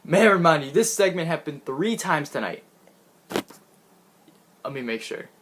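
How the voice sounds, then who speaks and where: A man's voice: fairly high pitch, big pitch swings, a little slow, noisy background. A man giving a casual, rambling recap of a wrestling show, often laughing and restarting his sentences. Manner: chatty, giggly, rambling with restarts.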